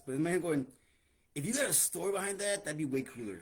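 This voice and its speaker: Husky, lively-voiced man in profane banter. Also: fairly high pitch, fast. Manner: animated, profane, laughs a lot. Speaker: podcast co-host. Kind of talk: casual banter.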